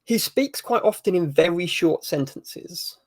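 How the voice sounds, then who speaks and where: A man's voice: sits high, expressive, unhurried. Thoughtful guy answering interview questions, bit hesitant, dry jokes, no room echo at all. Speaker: author as guest.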